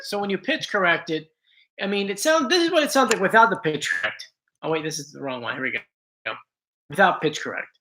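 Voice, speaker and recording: A man's voice: sits high, big pitch swings, brisk, pushed and bright. A man hosting a casual livestream, chatting to viewers with frequent restarts and apologetic asides. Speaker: host.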